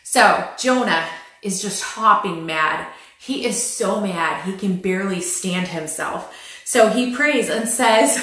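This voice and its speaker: A woman's voice: mid-range voice, slow, fairly bright tone. A woman giving casual spoken Bible teaching, chatty and wry, retelling scripture with dry sarcasm and frequent filler words. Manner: frequent "um" fillers and light laughs. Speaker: Christian family Bible teacher. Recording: very echoey room.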